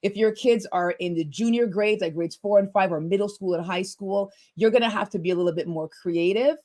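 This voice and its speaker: A woman's voice: mid-range voice, fairly quick, mellow. A middle-aged woman hosting a parenting podcast in a chatty, casual way, often repeating words as she starts a thought. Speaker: podcast host.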